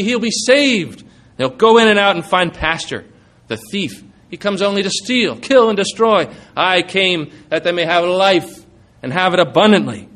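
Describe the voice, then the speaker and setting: A man's voice: sits high, a bit bright. A man preaching a sermon, earnest and emphatic, quoting scripture and asking rhetorical questions.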